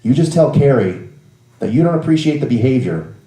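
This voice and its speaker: Man doing an earnest calm HR executive. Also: mid-range voice, roomy sound, natural voice, low-quality recording. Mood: patient. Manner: measured, patient fatherly advice. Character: calm middle-aged male HR executive, earnest.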